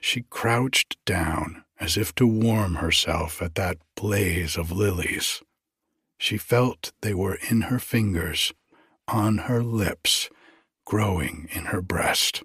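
A man narrating a literary story aloud in a lyrical, unhurried audiobook style. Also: low voice, a bit bright, breathy edge, dry recording, studio quality.

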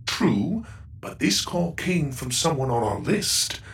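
A man's voice: fairly high pitch, big pitch swings, takes it slowly, gravelly, a bit bright, far from the mic, slight background noise, voice pushed up, exaggerated voice. A man voicing a polite, formal robot pilot with dry humor, heard with an intercom-like echo. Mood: cautious. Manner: formal and precise. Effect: echoey intercom sound.

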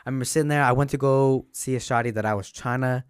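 Young man, mid-pitched, dry close mic; animated, profane storyteller who acts out every quote. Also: fast talker, clean tone, dry recording. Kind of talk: casual chat.

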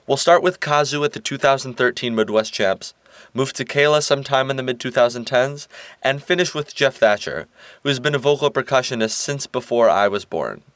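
A man's voice: medium pitch, fairly quick, fairly bright tone, dry recording. Man narrating with playful emphasis. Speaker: host and narrator. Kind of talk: scripted narration.

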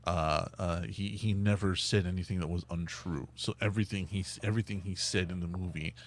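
A man's voice: deep voice, steady tone, a little fast, slight background noise. A man in casual chat who talks eagerly and restarts a lot, repeating words and using fillers.

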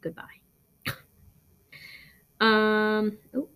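A woman's voice: mid-range voice, monotone, very slow, a bit bright, smooth. A young woman podcast host from Arizona, chatting casually through listener questions, rambling with lots of ums and likes, blunt and profane. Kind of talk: casual Q&A chat.

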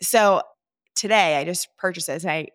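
A woman's voice: on the low side, measured pace, a bit bright, no echo, studio quality. A woman in her thirties co-hosting a podcast, chatting upbeat about her weekend. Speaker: podcast co-host. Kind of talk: casual chat.

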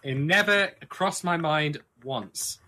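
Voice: medium pitch, takes it slowly, bright, forceful tone. A podcast co-host in casual chat, emphatic and profane while complaining about a scene.

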